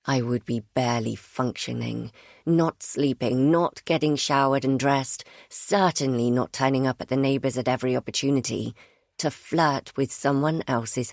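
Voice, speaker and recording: Woman narrator, low voice, dry close recording, measured first-person thriller reading. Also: darkish tone, no room sound. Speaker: audiobook narrator.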